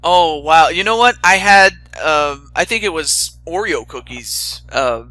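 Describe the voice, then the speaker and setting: A man's voice: on the high side, lively intonation, measured pace, sharp tone, no room sound. A young man hosting a casual chat, rambling with stammering restarts and fillers. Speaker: host.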